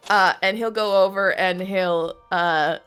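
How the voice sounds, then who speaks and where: A woman's voice: mid-range voice, steady tone, a little slow, fairly bright tone, clear, resonant tone, faint music behind. A woman narrating a tabletop game as game master, hesitant and full of fillers.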